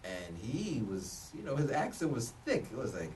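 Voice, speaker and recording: A man's voice: fairly low pitch, big pitch swings, normal speed, few pauses. A man in his thirties giving casual advice to the camera, loose and joking, often restarting his sentences. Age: 30s. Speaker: vlogger giving job advice. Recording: voice a bit distant from the mic, faint room noise.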